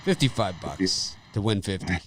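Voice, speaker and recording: A middle-aged man with a lowish voice hosts a casual sports betting chat. He rambles through stories, laughs often and repeats phrases. His delivery stays loose and conversational. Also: expressive, normal speed, background noise. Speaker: sports betting show host.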